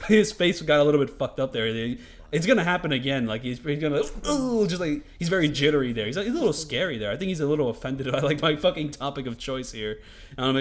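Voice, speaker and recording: A man giving casual, rambling gameplay commentary, swearing freely and filling his talk with "like" and "you know". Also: mid-range voice. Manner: rambling, profane, lots of fillers. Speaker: gaming commentator.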